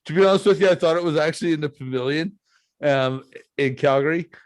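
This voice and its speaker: A man's voice: on the high side, fast talker, no room sound. A man hosting a podcast, chatting casually and telling stories with lots of fillers. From Canada. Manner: laid-back storytelling with frequent fillers. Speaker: podcast host. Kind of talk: casual chat.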